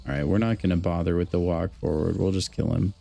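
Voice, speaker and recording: A man's voice: low voice, fairly even intonation, fast talker, creaky, warm tone, soft background music. Upbeat man streaming a game. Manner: upbeat, chatty, jokey. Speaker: livestreamer. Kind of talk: casual gameplay commentary.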